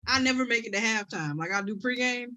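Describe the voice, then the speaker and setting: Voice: medium pitch, quick pace. A podcast co-host telling casual stories with lots of laughter. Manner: animated storytelling, laughs often. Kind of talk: casual chat.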